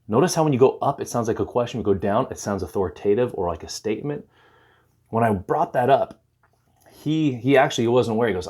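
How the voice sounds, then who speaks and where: Lower-voiced man telling a story. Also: a little fast, husky. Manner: animated storyteller, acts out dialogue. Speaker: recovery counselor. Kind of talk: talking to camera, storytelling advice.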